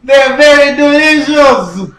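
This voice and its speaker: A pushy stoner with a put-on Jamaican accent, played by a man shouts with a high, bright voice. He is loud and insistent. The room echoes, with the mic well away from him. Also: expressive, slow pace, far from the mic, exaggerated voice. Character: pushy, loud male stoner peddling brownies. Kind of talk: improvised comedy sketch.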